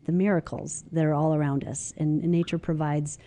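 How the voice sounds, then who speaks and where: A woman hosting a podcast interview, affirming her guest with short replies and gentle teasing. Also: low-pitched, little pitch movement, fairly quick, slight background noise. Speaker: podcast host. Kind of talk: casual interview chat.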